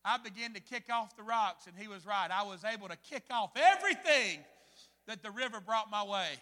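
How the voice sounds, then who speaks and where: A man preaching a sermon, telling a story with dramatic swings between hushed and loud delivery. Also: sits high, expressive, a little fast, big-room sound. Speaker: pastor.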